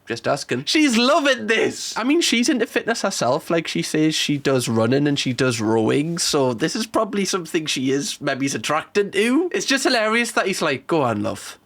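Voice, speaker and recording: Man riffing on a dating show, bouncy pitch, mock-exasperated. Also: moderate pace, hardly any pauses. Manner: animated, jokey, mock-exasperated. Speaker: reaction video host. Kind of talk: comedic commentary on a TV show.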